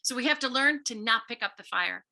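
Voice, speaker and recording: Bright-voiced woman author talking to children. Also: fairly high pitch, lively intonation, fairly quick, gravelly. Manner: earnest, storytelling, acts out quoted voices. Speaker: visiting author speaking to students. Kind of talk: school talk to children.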